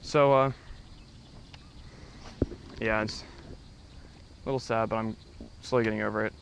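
A man fishing from a boat outdoors, talking casually to viewers and breaking into excited exclamations. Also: fairly low pitch, a little slow, gravelly, a little hiss or hum. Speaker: angler. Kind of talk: casual fishing vlog commentary.

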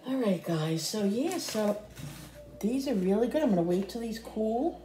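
A woman's voice: medium pitch, expressive, normal speed, mellow, reverberant, low-quality recording. A middle-aged woman chatting casually to her viewers while cooking in her home kitchen. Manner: chatty, talks straight to viewers. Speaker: cooking vlogger.

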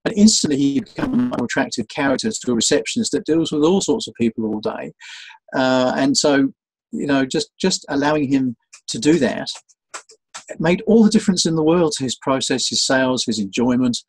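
Husky-voiced man telling stories animatedly. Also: mid-range voice, brisk, rough recording. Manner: animated storyteller, acts out quoted voices. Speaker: guest, sales trainer. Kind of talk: conversational interview.

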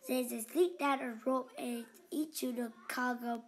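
A woman reading a children's story aloud in a slow, expressive storytelling manner. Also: high voice. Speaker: narrator.

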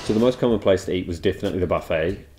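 Young New Zealand male co-host, very low voice, easygoing voice-over explainer. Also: rapid-fire, darkish tone, slight background noise. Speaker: travel vlogger. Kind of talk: relaxed voice-over chat.

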